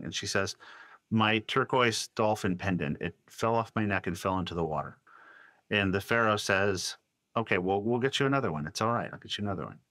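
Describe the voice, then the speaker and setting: Podcast guest, male, low voice, dry close mic, animated storyteller who quotes voices. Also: no room sound. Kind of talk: storytelling in a casual interview.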